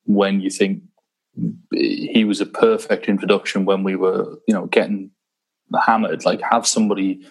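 A man's voice: low-pitched, little pitch movement, normal speed, slightly rough, rough recording. A man co-hosting a football podcast, chatting casually, sweary and self-deprecating. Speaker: podcast co-host. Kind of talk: casual chat.

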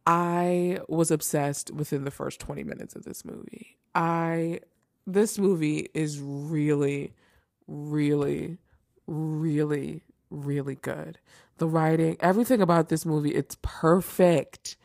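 Gushing low-voiced woman with vocal fry. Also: steady tone, slow, darkish tone, no echo, clean studio sound. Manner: gushing, repeats phrases for emphasis. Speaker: host ranking holiday movies. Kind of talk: casual podcast chat.

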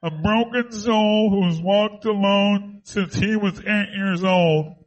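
A high, nasal voice, squeezed through a plugged nose, as a man puts it on for laughs. He recites his lines in slow, earnest drama. It plays like a mock-serious radio bit. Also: lo-fi sound. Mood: mock dramatic. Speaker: radio show co-host. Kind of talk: comic impression on a radio show.

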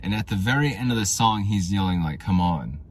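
A man with a very low voice and a gravelly vocal fry rambles through his own podcast. He drifts from story to story in an offhand, casual way, and a faint hiss of noise sits under his voice. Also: quick pace. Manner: rambling, tangent-prone storytelling. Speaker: podcast host.

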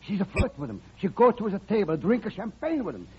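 An actor playing an excitable henchman with a mock Italian accent and broken English. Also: high-pitched, quick pace. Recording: dull noisy old radio recording.

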